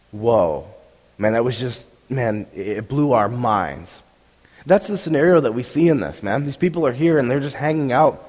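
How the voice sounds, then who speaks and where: Young male pastor, sore-throat hoarseness, lively storytelling sermon, long hall echo. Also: medium pitch, brisk. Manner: animated storytelling, acts out crowd reactions. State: voice roughened by strep throat. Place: church hall.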